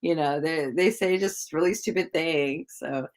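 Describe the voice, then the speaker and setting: A woman's voice: low-pitched, unhurried. A woman chatting casually with viewers on a livestream, rambling with lots of fillers and little giggles. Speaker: psychic livestreamer.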